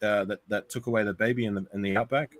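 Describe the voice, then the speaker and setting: A man's voice: on the low side, steady tone, quick pace, no echo. A man chatting as a guest on a live stream, teasing the host and plugging his own show. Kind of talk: casual live-stream chat.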